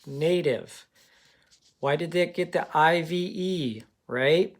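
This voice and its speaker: A man's voice: a little high, unhurried. A man teaching a phonics lesson to children, patient and encouraging, checking in often with "okay?".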